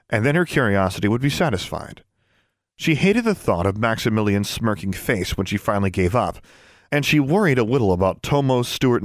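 A man reads an audiobook in a steady, measured way. His voice is fairly low, and the recording is dry and of studio quality.

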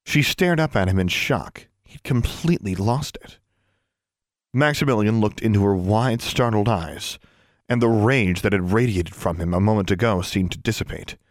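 A man reads an audiobook in a steady, measured way. His voice sits low, and the recording is dry and close, with no room around it. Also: no echo. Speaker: audiobook narrator. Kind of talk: scripted audiobook narration.

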